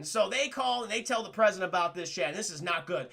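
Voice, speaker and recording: A young man streaming a rambling film review to his chat, with a very high voice that has a gravelly edge. He talks loosely, swears freely and breaks into laughter, with a bright, sharp tone. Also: expressive, fast talker. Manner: rambling, profane, addresses chat often, laughs a lot. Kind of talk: casual spoiler review chat.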